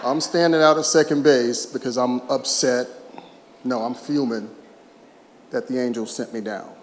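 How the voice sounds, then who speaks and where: A man's voice: mid-range voice, fairly even intonation, normal speed, slight background noise. Man around 60 giving a heartfelt speech in an echoey hall. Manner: emotional, humorous storyteller who chokes up at times. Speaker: retired baseball player giving an awards speech. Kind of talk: heartfelt public speech with anecdotes. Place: large event hall. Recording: echoey hall, faint ambience.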